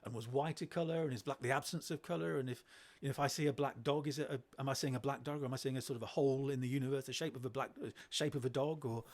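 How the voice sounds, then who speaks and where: A middle-aged man, a podcast guest telling classroom stories in a lively way, often restarting his sentences. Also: mid-range voice, very fast, hardly any pauses. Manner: animated, acts out children's voices, frequent restarts. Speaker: guest, education speaker. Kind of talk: conversational storytelling.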